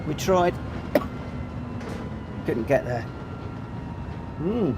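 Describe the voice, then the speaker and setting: Over a noisy background, a man with a mid-range voice talks at a moderate pace as he streams a racing game live. He is chatty and self-deprecating, welcoming chat viewers, and his voice is hoarse from coughing and breathless.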